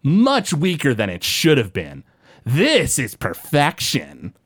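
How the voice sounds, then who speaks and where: A man's voice: mid-range voice, wildly swooping pitch, takes it slowly, no room sound, heavily acted. A man voicing a smug, chubby human villain who gloats with an obnoxious, smirking tone. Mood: gloating.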